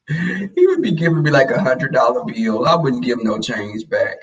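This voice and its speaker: A man telling a personal story in a casual chat, sassy and animated, acting out what people said. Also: medium pitch, normal speed, far from the mic, dull audio. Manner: animated, sassy, acts out quoted lines.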